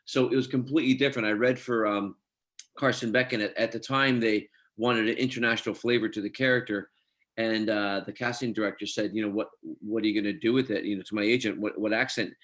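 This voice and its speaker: Fairly low-pitched and fast, a middle-aged Scotsman who acts shares stories as an interview guest in a casual setting. He animatedly quotes others, acting out their dialogue.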